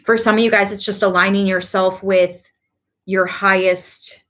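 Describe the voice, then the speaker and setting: A woman giving a casual tarot reading to her viewers, chatty and quick to laugh, with animated asides. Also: medium pitch. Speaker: tarot reader.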